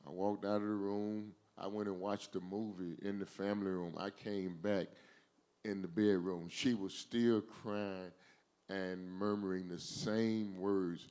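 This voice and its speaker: A man's voice: deep voice, steady tone, unhurried, a little mellow. A man hosting a talk, earnestly telling a personal story in a reflective way.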